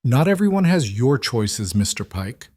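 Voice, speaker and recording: A man's voice: mid-range voice, big pitch swings, measured pace, a little mellow, breathy edge, no echo, clean studio sound, voice pushed up. A man voicing a cornered young bride who pleads and argues with rising desperation. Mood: defensive.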